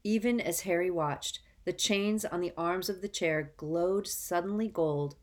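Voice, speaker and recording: A woman narrates a storybook aloud in a measured, even manner. Her voice sits low. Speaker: audiobook reader.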